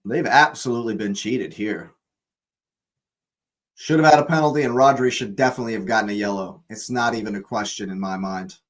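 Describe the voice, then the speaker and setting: A man's voice: on the low side, a little fast, poor audio. A young man hosting a live football watch-along, ranting angrily at the referee, swearing and repeating himself.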